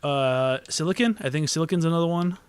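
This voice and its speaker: Casting: young man, higher voice, bouncy intonation, dry close mic, loose podcast banter. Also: fairly quick, clean tone, dry recording. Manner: animated, hesitant, quizzing. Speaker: podcast co-host. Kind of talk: casual chat.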